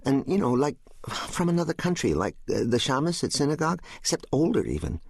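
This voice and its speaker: A man's voice: medium pitch, very animated, brisk, creaky, darkish tone, breathy edge, no echo, studio quality, voice pushed up, full character voice. A man voicing a sleepy, curious young boy who asks timid, tentative questions. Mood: earnest.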